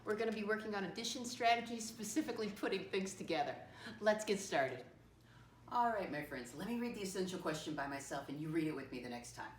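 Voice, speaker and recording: A woman's voice: mid-range voice, animated, recorded from a distance, a little hiss or hum. Teacher, female: patient first-grade math lesson, call-and-response style, recorded from afar in an echoey room. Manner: patient call-and-response teaching, slowly spelling out words letter by letter; keeps addressing children as "my friends". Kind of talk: classroom math lesson for young children.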